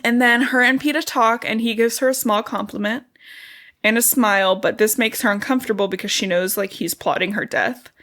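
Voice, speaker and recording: A woman with a voice a touch higher than most retells a book's story for her podcast. Her talk is loose and chatty, scattered with "like" and "um". It sounds like friends catching up, not a script. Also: brisk, fairly bright tone. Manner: chatty, peppered with "like" fillers. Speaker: podcast co-host. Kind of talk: casual book-recap chat.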